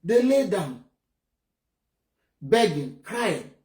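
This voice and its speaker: Speaking very slowly with big pitch swings, a Nigerian man from Enugu State offers blunt, indignant, emphatic political commentary in Nigerian English. His voice sits high and is a little mellow, heard in a roomy, echoing space.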